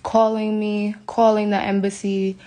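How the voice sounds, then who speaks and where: A woman's voice: mid-range voice, flat delivery, a little slow, warm tone. An upset, shaken woman from the United States vents to her followers in a live video from a hotel room. She talks emphatically into her phone and repeats herself. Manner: emphatic and repetitive, venting. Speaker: vlogger speaking to her viewers.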